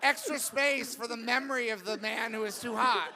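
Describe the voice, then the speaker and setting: A man's voice: extremely high pitch, normal speed, a crowd in the background. A man hosting a live comedy talk show, telling rambling comic stories. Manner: rambling, comic storytelling with laughs. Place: live theater stage.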